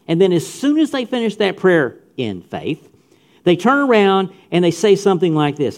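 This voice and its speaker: A man's voice: high voice, very animated, moderate pace, a little mellow. A middle-aged man preaching a sermon to young people, emphatic, repeating phrases and speaking straight to his listeners. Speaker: pastor. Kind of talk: sermon to youth.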